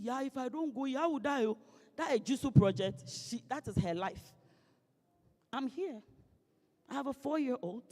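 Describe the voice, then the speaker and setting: Woman, lively motivational speaker, heard with long hall reverb. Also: medium pitch, husky. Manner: lively, playful, acts out quoted voices. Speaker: guest speaker. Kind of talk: motivational speech.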